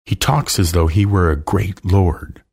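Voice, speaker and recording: A man's voice: sits low, fairly even intonation, a little slow, creaky, darkish tone, breathy edge, exaggerated voice. A man reading a storybook aloud, voicing a curious, polite young girl in a raised voice. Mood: wondering.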